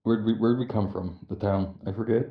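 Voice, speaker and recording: A man with a low voice talks through his character's backstory in a hesitant, halting way. His audio comes through roomy and dull. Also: fairly even intonation. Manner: hesitant, full of fillers. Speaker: player. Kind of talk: casual chat.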